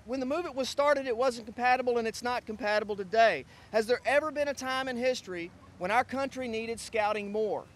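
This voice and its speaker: A middle-aged man from Texas with a high-pitched voice gives a hurried speech at an outdoor press conference. He often restarts his sentences as he presses on. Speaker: scout crew advisor.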